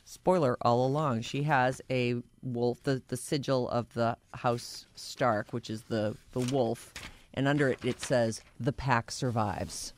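A woman co-hosting a morning radio show, chatty and quick to laugh. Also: very deep voice. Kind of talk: casual radio chat.

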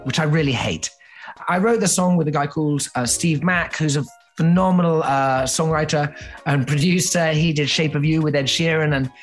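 Chatty man telling a story. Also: on the high side. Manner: chatty, self-mocking, frequent fillers and restarts. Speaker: podcast host. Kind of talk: casual storytelling.

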